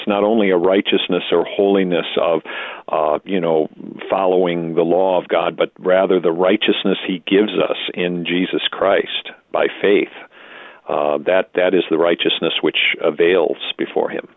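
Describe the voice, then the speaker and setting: Male pastor co-host, low voice, phone-like dry audio, earnest and measured with hesitations. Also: steady tone, dry recording. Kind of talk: casual theological discussion. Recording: tinny phone-line audio.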